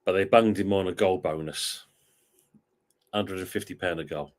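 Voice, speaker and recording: A man's voice: low voice, moderate pace. A middle-aged man, co-hosting a casual chat and telling old football stories with plenty of swearing. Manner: swears freely, tells football stories animatedly. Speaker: podcast co-host.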